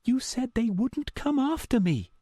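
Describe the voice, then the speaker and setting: A man's voice: sing-song, very slow, no room sound, exaggerated voice. A man doing a furious, frightened young woman. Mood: angry. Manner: low, hushed voice, barely held back. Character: scared, angry young woman arguing on a phone.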